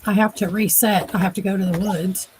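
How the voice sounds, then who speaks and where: A woman's voice: medium pitch, fairly even intonation, brisk, a little mellow, slight background noise, rough recording. A woman hosting an interview, asking questions and chatting in an easygoing way. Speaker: podcast host.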